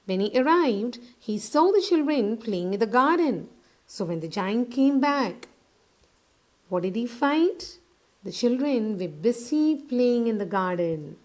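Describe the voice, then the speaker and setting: A woman teacher explaining a story to a class, asking questions and answering them herself, repeating key words slowly. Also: a little high, sing-song. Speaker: English teacher.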